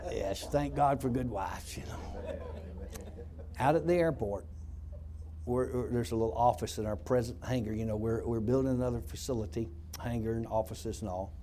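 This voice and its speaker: A man's voice: medium pitch, moderate pace, long pauses, mellow, a little hiss or hum. A man telling a testimony story as a former prison pastor, in a folksy, emphatic way.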